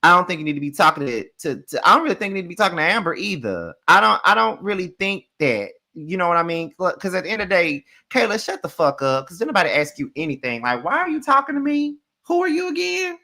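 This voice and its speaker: A young man hosting a casual reality show recap, telling it in an animated, sassy way full of swearing. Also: a little high, quick pace, few pauses. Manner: animated, profane, sassy retelling.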